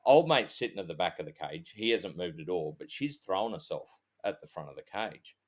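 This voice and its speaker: A man's voice: low voice, expressive, brisk. A middle-aged Australian man, a podcast co-host who is a police officer, rambling through a casual anecdote with sweary asides and quoted dialogue. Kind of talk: casual storytelling.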